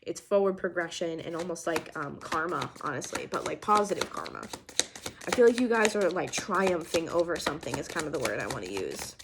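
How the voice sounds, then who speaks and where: A woman's voice: deep voice, big pitch swings, a little fast, background noise. A young adult woman giving an earnest, emphatic channeled tarot reading, full of restarts and fillers. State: getting emotional. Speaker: tarot reader.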